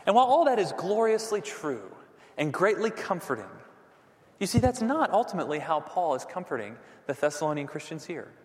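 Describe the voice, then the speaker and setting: A man preaching a sermon as pastor, animated, dropping to near whispers for emphasis. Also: a little high, a little fast, long reverb tail.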